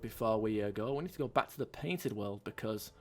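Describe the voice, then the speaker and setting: A man's voice: lowish voice, fairly quick, a little mellow, a little hiss or hum. A young man hosting a casual game playthrough, chatty and loose, swearing freely and reading item text aloud. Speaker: let's play host. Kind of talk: casual gaming commentary.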